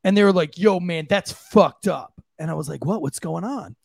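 A man co-hosting a podcast, telling a story in a casual, animated way and jumping into high voices for the people he quotes. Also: moderate pace, gravelly, no echo. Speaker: podcast co-host.

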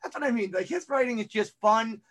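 Male co-host, high voice, casual rambling chat full of fillers. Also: brisk, fairly bright tone. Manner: rambling, hesitant, many fillers and restarts. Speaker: podcast co-host.

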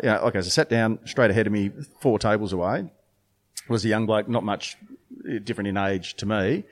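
A man, a brewer and beer judge, chatting casually on a podcast with many restarts and fillers. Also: fairly low pitch.

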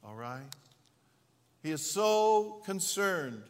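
A man preaching a sermon as pastor, speaking slowly and deliberately with dramatic pauses and swells. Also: sits high, sing-song, long reverb tail.

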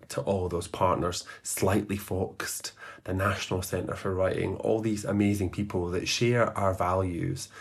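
A man, founder and host of a literary podcast, fondly looking back in a chatty, nostalgic monologue full of asides. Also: deep voice. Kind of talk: reflective farewell monologue.

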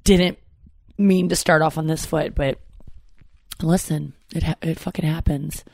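Casting: vlogger in their thirties, gravelly fry, dry close sound, loose and foul-mouthed. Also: medium pitch, steady tone, measured pace, a little mellow, dry recording. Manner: rambling, profane, self-interrupting. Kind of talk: casual solo chat.

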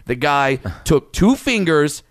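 Man telling a profane, animated story. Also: fairly high pitch, slow pace, no echo, studio quality. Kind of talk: casual storytelling chat.

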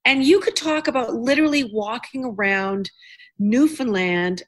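A woman's voice: on the high side, moderate pace. A woman hosting a casual chat, enthusiastic and rambling. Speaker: host.

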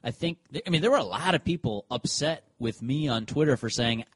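A man's voice: medium pitch, a little fast, husky, no echo. Man retelling a game on a dry mic. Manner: animated storyteller who acts out quotes. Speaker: podcast co-host. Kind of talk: casual sports chat.

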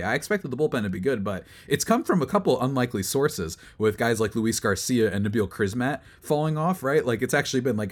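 A young man hosting a solo sports recap, rambling and exasperated, building to loud outbursts. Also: lowish voice. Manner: rambling with fillers and restarts. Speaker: sports podcast host.

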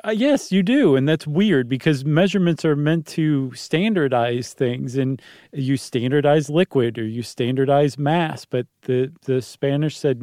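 A man co-hosting a podcast in casual chat, playful and teasing with quick asides. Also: mid-range voice, mellow, no room sound, studio quality. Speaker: podcast co-host.

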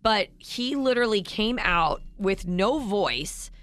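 A woman co-hosting a casual radio show, playful and quick to react. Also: mid-range voice, no room sound. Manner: animated, playful, reacting with laughs. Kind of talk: casual morning radio banter.

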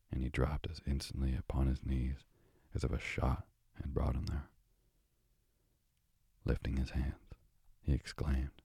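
Very deep, gravelly male narrator. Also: dark tone, dry recording, studio quality. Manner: slow, measured storytelling. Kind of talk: audiobook narration.

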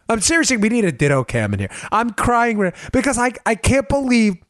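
A man's voice: high voice, big pitch swings, fairly quick, a bit bright, no echo. A male podcast host giving political commentary, exasperated and sarcastic, rambling with restarts at a close mic.

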